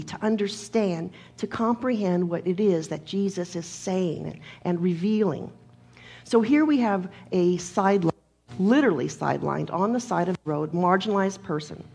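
A woman preacher delivering a sermon in a measured, emphatic manner, leaning on repeated phrases and a gravelly voice. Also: medium pitch, warm tone.

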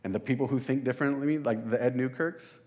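A man's voice: medium pitch, fast, darkish tone. A man preaching a casual sermon, talking conversationally and with some self-deprecation, and addressing the congregation directly.

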